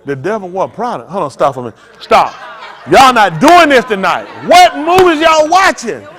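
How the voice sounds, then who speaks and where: A man's voice: high-pitched, brisk. A man preaching to his congregation in a loose, joking style, talking straight to the room. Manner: animated, joking, talks to the congregation. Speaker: pastor. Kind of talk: freewheeling preaching with comic asides.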